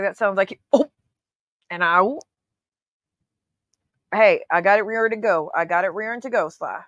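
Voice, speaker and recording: A woman's voice: mid-range voice, a little slow, long pauses, fairly bright tone, no echo, highs cut off. A woman hosting her own channel, giving sarcastic, profanity-laced casual commentary on clips. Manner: sarcastic, profane, calls people honey. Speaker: YouTube host reacting to clips.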